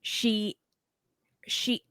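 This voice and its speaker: A woman's voice: very slow, fairly bright tone, dry recording, studio quality. A woman guest chatting casually on a podcast, trailing off and restarting as she laughs along. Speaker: guest co-host. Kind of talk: casual chat.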